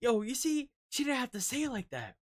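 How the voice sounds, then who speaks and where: A music video reactor giving casual, excitable commentary, often breaking off to exclaim and pause the video. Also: mid-range voice.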